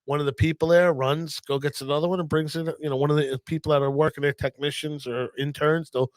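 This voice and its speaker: A man's voice: on the high side, fairly even intonation, fast talker, no echo. Laid-back blunt man on a podcast. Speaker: podcast co-host, comedian. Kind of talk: casual podcast chat.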